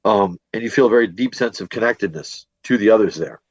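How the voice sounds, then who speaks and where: A man's voice: fairly low pitch, fast, dry recording, lo-fi sound. A man from Northwest Indiana telling a long ghost-hunting story in a podcast interview, rambling with lots of fillers and restarts. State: a bit worn from a day of teaching. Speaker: paranormal investigator and teacher guest.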